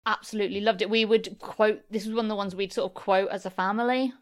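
A woman's voice: medium pitch, fairly even intonation, fast talker. A woman co-hosting a podcast, chatting casually about a film and laughing often. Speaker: podcast co-host.

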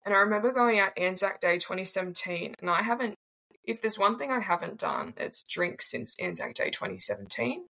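Speaking as a guest, this Australian woman in her twenties shares her personal story candidly, casually and bluntly, swearing freely. Her mid-range voice is expressive, a little fast and sharp with vocal fry, and the audio is poor.

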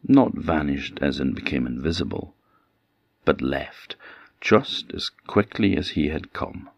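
A man with an Orcadian accent telling a traditional folktale with lively, dramatic delivery. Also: very deep voice, measured pace, gravelly, no room sound, dull audio. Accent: Orcadian Scots. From Orkney Islands. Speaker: traditional storyteller.

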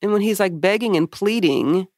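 A woman's voice: mid-range voice, lively intonation, normal speed, darkish tone, dry recording, studio quality. A woman co-hosting a podcast, telling candid stories in a chatty style and swearing freely. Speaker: podcast co-host. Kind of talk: casual chat.

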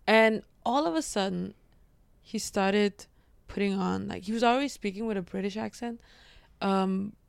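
Woman comedian guest, relaxed storyteller, smooth tone, dry mic. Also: mid-range voice, a little slow, no echo. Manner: relaxed storytelling with frequent hedges. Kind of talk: casual chat.

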